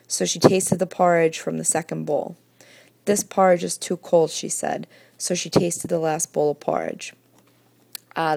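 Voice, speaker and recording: Woman reading a fairy tale aloud, deep gravelly voice, dry close sound. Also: dry recording. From Massachusetts, USA. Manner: steady, careful read-aloud delivery. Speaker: reader.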